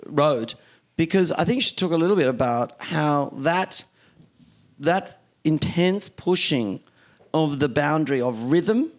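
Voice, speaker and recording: An Australian man, a film director, telling stories in a lively, quick way onstage. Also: fairly high pitch. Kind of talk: onstage conversation.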